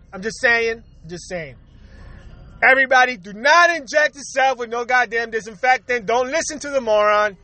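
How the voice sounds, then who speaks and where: A man's voice: very high voice, sharp tone, no room sound. A young man hosting his own podcast, ranting in a profane, exasperated way and repeating himself a lot. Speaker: podcast host. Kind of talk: solo rant podcast.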